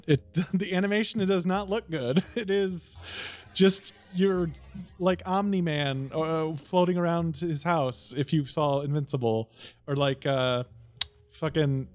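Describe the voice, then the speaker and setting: A man's voice: a little high, steady tone, a little slow, a little mellow. A man hosting a casual gaming chat, rambling and laughing often, swearing casually.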